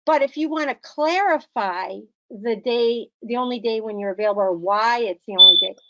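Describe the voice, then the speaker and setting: A woman's voice: a little high, moderate pace, dull audio, heavy background noise. A woman tutoring adult learners on comma use, patient and encouraging, explaining step by step. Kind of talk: online grammar lesson.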